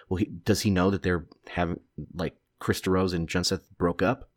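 A man in his thirties talks alone into the mic with a very low voice. He is blunt and opinionated, swears freely, and rambles through restarts. The recording is dry, with no room sound. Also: fairly even intonation, moderate pace, no room sound. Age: 30s. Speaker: podcast host. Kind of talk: solo commentary podcast.

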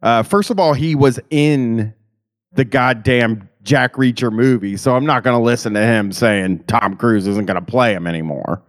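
A man's voice: medium pitch, moderate pace. A man co-hosting a podcast in casual chat, swearing freely and stammering as he riffs. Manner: profane, stammering, riffing. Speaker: podcast co-host.

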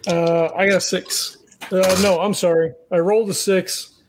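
A man at a tabletop game with a voice pitched high for a man. He talks eagerly and casually, swearing freely as he explains his moves. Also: level tone, unhurried, background noise. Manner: eager, profane. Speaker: player.

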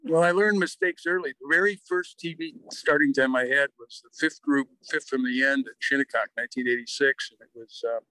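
An older man from the American Midwest, a guest author telling lively anecdotes in an interview and acting out the quotes. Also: medium pitch, fairly quick, hardly any pauses, no echo, low-quality recording. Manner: lively anecdotal storyteller who acts out quotes. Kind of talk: storytelling in an interview.

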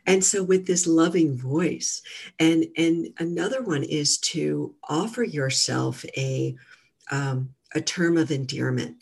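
Gravelly-voiced woman coaching gently. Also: deep voice, slow. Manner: gentle, warm coaching tone with many fillers. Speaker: guest, mental fitness trainer. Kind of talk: casual interview talk.

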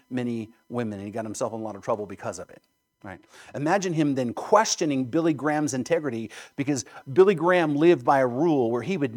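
A man's voice: medium pitch, a little mellow. A male pastor preaching an emphatic sermon, piling up rhetorical questions and checking in with the listeners by asking "right?".

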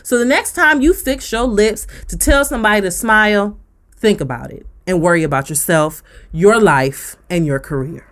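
A woman's voice: mid-range voice, normal speed, a bit bright. A woman, co-hosting a podcast and ranting bluntly with profanity. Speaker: podcast co-host. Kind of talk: casual rant on a podcast.

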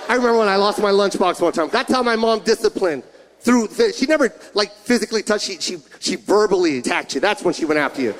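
A male stand-up comedian telling a story with an animated, punchy delivery. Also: high voice, fast, noisy background.

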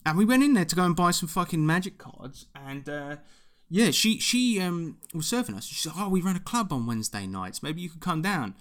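A man's voice: a little high, sing-song, brisk, a bit bright. A man, ranting animatedly and swearing often in a casual chat. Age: 20s.

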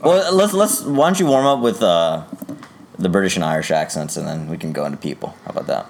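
A young man hosting a casual impressions game among friends, relaxed and steering the turns. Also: low voice, fairly quick, a little hiss or hum. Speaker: game host.

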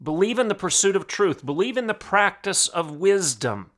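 A man's voice: sits high, expressive, moderate pace, a bit bright. A man hosting a podcast, preaching in emphatic, repetitive declarations. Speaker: podcast host.

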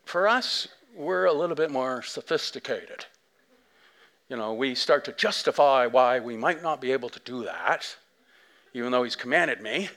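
A man preaching a sermon as pastor, telling a story in a chatty way with lots of asides, dropping to a hush and then swelling to near shouts. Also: medium pitch, moderate pace. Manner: animated storytelling, big swings from soft to loud; conversational, many fillers and asides.

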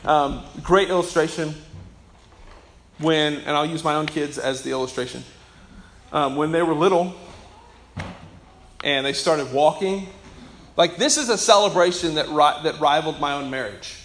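A man preaching a sermon as pastor, emphatic and swinging between loud declarations and soft asides. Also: fairly high pitch, normal speed, pauses often, slight background noise.

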